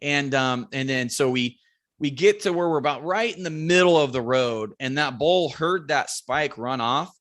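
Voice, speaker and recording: A young man appearing as a podcast guest tells a long story with loose, animated energy, slipping into the voices of himself and his buddy and swearing freely. His medium-pitched voice has a bright, sharp edge and moves at a normal speed.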